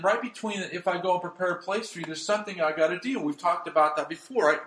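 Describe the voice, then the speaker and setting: A man's voice: high-pitched, fast talker, hardly any pauses. Man preaching in an echoey hall. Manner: animated preaching, swinging from loud emphasis to hushed tones. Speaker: pastor. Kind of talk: sermon.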